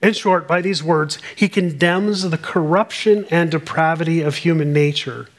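A man's voice: a little high, moderate pace. A man preaching a sermon, explaining scripture verse by verse and reading passages aloud in an earnest way. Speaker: pastor.

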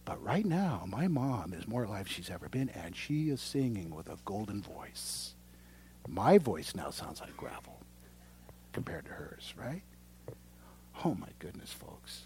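A man preaching a sermon, swinging from loud proclamation to hushed whispers and speaking straight to his congregation. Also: fairly low pitch, big pitch swings, measured pace, a little hiss or hum. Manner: addresses the congregation directly. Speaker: pastor.

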